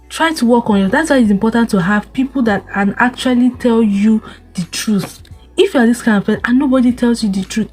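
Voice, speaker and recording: A young woman vlogger gives casual relationship advice to the camera, scolding with rhetorical questions, repeating words, and laughing often. Her voice is medium-pitched, darkish, and slightly rough.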